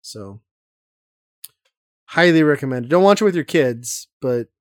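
A man hosts a casual podcast, talking enthusiastically and rambling with lots of fillers. He has a medium-pitched voice with lively intonation and a measured pace, recorded dry with clean studio sound.

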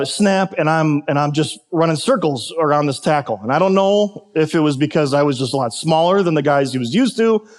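Male pastor, fairly high voice, sermon told through a story. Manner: storytelling, animated when quoting coaches.

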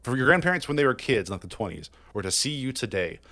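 A man's voice: mid-range voice, very animated, fast talker, bright, forceful tone, no echo. A man co-hosting a casual podcast, rambling and repeating words as he talks, laughing now and then. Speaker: podcast co-host. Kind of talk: casual chat, telling a joke.

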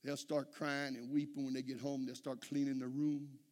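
A man's voice: medium pitch, flat delivery, normal speed, a little mellow, in a large hall. A man preaching a sermon in a church, telling folksy stories and calling out "amen?" to the congregation. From Texas. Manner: folksy storytelling, frequent "amen?" calls to the congregation. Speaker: pastor.

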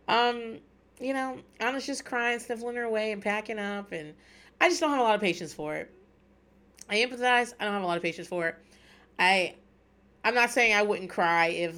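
A middle-aged woman hosting a casual chat, talking in an animated, rambling way with plenty of swearing and laughter. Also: medium pitch. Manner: animated, profane, laughs often, rambling asides. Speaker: podcast host recapping reality TV.

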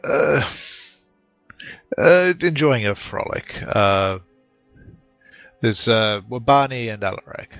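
A man voicing a polite male adventurer who speaks formally and hesitantly, halting often. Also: medium pitch, lively intonation, creaky, a bit bright, no room sound, highs cut off, faint music behind, exaggerated voice. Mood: formal, evasive.

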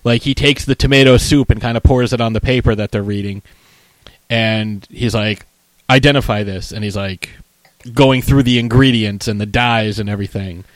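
A man co-hosting a casual chat about a film. He rambles, restarts, and scatters "like" through animated retellings of scenes. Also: fairly low pitch, moderate pace, no echo.

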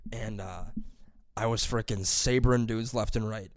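A young man chatting casually as a podcast co-host, swearing freely and breaking into loud high-pitched impressions. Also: fairly even intonation, normal speed, dry recording, clean studio sound. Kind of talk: casual chat.

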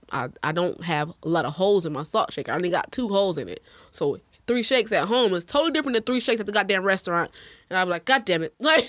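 Animated, profane woman podcast host. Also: lowish voice, no echo. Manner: profane, laughing, animated storyteller. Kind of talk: casual chat.

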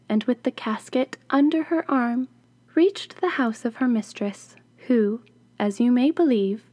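A woman reading a fairy tale aloud, slow and expressive. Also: a little high, no echo. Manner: slow, deliberate, expressive storytelling. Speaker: storyteller.

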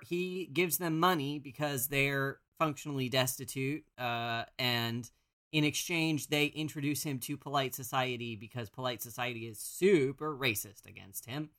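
A man's voice: medium pitch, a bit bright, smooth. A man hosting a podcast, recapping television episodes in a casual, rambling way with lots of fillers. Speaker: podcast host.

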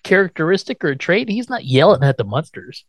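A man's voice: fairly high pitch, very animated, a little fast. Chuckling man recapping a show. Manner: recaps scenes step by step, chuckling often. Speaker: podcast co-host. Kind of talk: casual episode recap chat.

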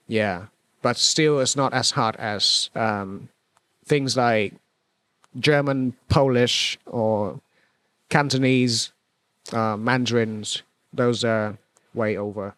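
A man's voice: medium pitch, a bit bright, no echo. Hesitant man with a Vietnamese accent. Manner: hesitant, many fillers and restarts. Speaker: guest. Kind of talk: casual conversation.

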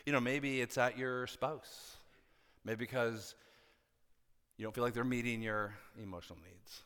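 A male pastor preaching a sermon, animated and acting out quoted voices with big swings between loud and soft. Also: mid-range voice, a little slow. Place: church hall. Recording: long hall reverb.

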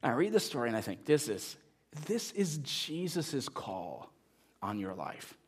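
A male pastor delivering a sermon from the pulpit. His voice sits in the middle of the male range. He tells a story with animated, playful emphasis and then shifts to a soft, earnest appeal. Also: mid-range voice, measured pace, slightly rough.

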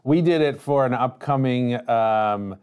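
A man co-hosting a tech show, chatting casually with dry, deadpan quips. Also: mid-range voice, a little slow, smooth, dull audio. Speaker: co-host. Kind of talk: casual chat.

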